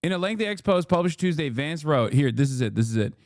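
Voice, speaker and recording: A man's voice: fairly high pitch, animated, fast talker, dry recording, clean studio sound. A man streaming a reaction video, ranting in a heated, profane, emphatic way. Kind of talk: live-stream reaction rant.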